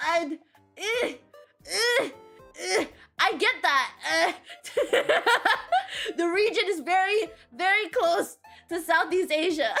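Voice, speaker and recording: A woman's voice: very high voice, sharp tone. A young woman streaming from home, chatting casually, reading out chat and swearing freely as she tells stories, with squealing laughs.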